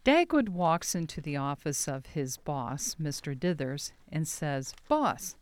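Low-voiced woman reading comic strips. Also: big pitch swings, measured pace, a little mellow, dry recording. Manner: acts out quoted lines with raised pitch. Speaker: comics reader.

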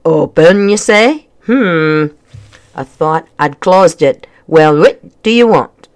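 A reader doing a gruff Scottish hermit. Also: expressive, slow. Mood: suspicious. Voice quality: deep and grumbling. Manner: gruff, curt, unwelcoming. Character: grumpy small bearded old hermit man in a kilt. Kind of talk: storybook reading.

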